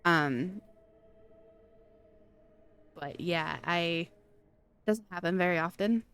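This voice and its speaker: Streaming from a home room with a fan, this Pacific Northwest woman talks with viewers in a lowish, very slow, slightly bright, clean voice and a Pacific Northwest American accent. She answers chat while she plays, meandering with lots of fillers and false starts.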